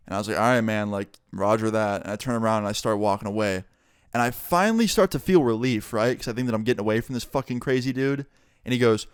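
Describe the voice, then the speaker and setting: A young man in a casual storytime vlog, talking in an animated, profane, laid-back way. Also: on the low side, fast talker, clear, resonant tone, no room sound, studio quality. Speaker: vlogger.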